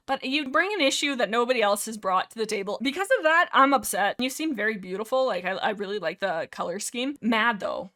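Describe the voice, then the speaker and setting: A young woman giving casual, animated tier-list commentary, teasing herself and talking straight to each character. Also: on the high side, fairly quick, hardly any pauses. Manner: animated, self-mocking, talks to the characters directly. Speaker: YouTuber ranking characters.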